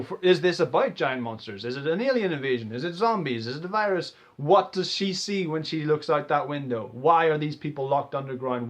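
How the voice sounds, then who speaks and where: A young man excitedly rambling through a casual movie trailer reaction, swearing freely and restarting his sentences. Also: medium pitch. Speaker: vlogger.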